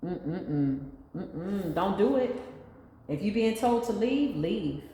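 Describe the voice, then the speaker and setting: A woman's voice: medium pitch, animated, a little slow, warm tone. A woman giving a casual spiritual reading, talking in an emphatic, rambling, slangy and blunt way. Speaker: intuitive spiritual reader. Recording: echoey room with long reverb and faint noise.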